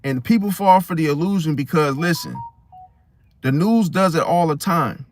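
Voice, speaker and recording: A man hosting a casual astrology monologue, talking in an animated way and often asking his listeners "See?". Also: a little high, normal speed, a little hiss or hum. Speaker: host.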